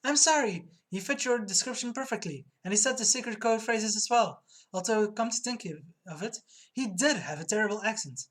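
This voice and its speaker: A woman voicing a nervous female music-store clerk who is secretly an agent, speaking high and stammering. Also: expressive, brisk, natural voice. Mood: flustered.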